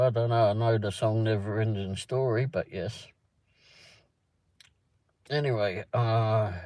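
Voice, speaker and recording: A man's voice: on the low side, mellow, dry recording, rough recording. An English man hosting a casual livestream, rambling as he chats and answers viewers' comments by name. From England. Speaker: livestream host. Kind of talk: casual chat reading live comments. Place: in a car around town.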